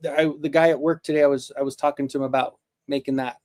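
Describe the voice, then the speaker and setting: A man's voice: medium pitch, flat delivery, fast talker, darkish tone. A man in his forties hosting a live toy stream, chatting in a loose, rambling and jokey way, often restarting his sentences. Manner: laid-back and jokey. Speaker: toy show host. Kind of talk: casual live-stream chat.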